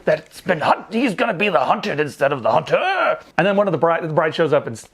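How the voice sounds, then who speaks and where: A man's voice: on the high side, very animated, a little fast, fairly bright tone, breathy edge. A man hosting a casual movie review show, recapping the plot with jokes, exasperated asides and casual swearing.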